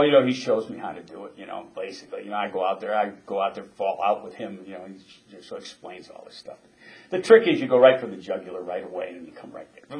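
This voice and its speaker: An older former Marine tells a story in a casual interview, chuckling often and halting with restarts. His voice sits in the mid-range.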